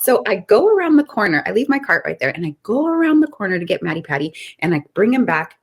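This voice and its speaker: A middle-aged woman co-hosting a podcast, telling a story in a casual, animated way and often laughing. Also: mid-range voice, fast. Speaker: podcast co-host.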